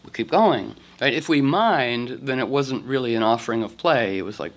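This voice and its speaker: A man's voice: mid-range voice, normal speed. A man telling rambling stories to a group, acting out quotes and restarting often. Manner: animated, acts out quotes, many restarts. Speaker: speaker addressing a group. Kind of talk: rambling storytelling talk.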